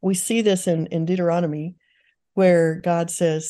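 A woman's voice: fairly low pitch, level tone, a little slow, warm tone. An older woman, a guest author, giving earnest, teaching answers in an interview, with frequent restarts.

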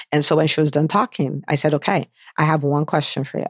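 A woman's voice: low-pitched, fairly even intonation, fast talker, slightly rough, no room sound, studio quality. A woman hosting her own podcast, telling a story with enthusiasm and asking repeated questions. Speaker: podcast host and physician business coach. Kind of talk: solo podcast monologue.

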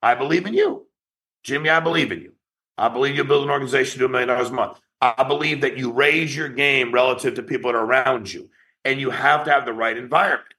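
A man who founded a company, giving a blunt, profane motivational talk to his sales agents in an online meeting, rapid-fire and challenging. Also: mid-range voice, pushed and bright.

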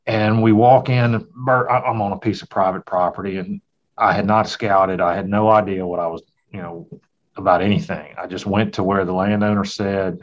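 A middle-aged man, a hunter and father, telling a folksy, reflective story in a casual conversation. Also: sits low. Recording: dull, lo-fi sound.

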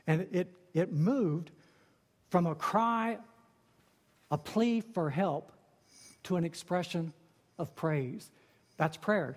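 Animated preaching man in a reverberant hall. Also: unhurried. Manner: animated, rising to high emphatic cries and dropping low. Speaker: pastor. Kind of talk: sermon.

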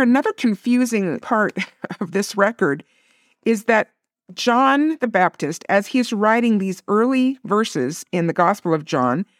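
A woman's voice: mid-range voice, dry recording, studio quality. A woman giving a casual scripture lesson, reading verses aloud and commenting in a conversational way. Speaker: scripture teacher.

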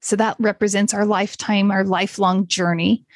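A woman's voice: medium pitch, steady tone, normal speed, no echo. A middle-aged woman hosting a solo podcast, chatty and encouraging, sometimes laughing at herself. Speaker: podcast host. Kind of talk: casual solo podcast talk.

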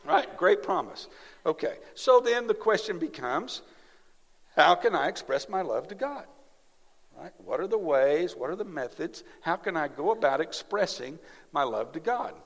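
A pastor delivers a sermon in a lively storytelling manner, laughing and checking in with the congregation. His voice sits a little high for a man. The sound rings with the long reverb of a large hall. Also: normal speed.

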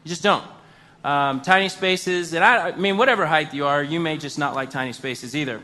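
Male comic storyteller, high bright voice, animated and self-mocking. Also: fairly quick. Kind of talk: comedic personal storytelling.

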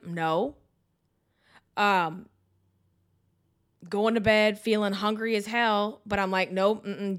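A woman's voice: mid-range voice, fairly bright tone. A woman in her thirties hosting a podcast, venting frankly and with profanity straight to her listeners. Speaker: podcast host. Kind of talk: venting solo podcast talk.

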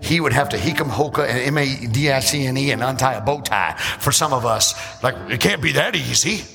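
A male pastor preaching a sermon, acting out church members and rising into shouts. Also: medium pitch, lively intonation, gravelly. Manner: acts out church members in quick asides. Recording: reverberant hall with music behind.

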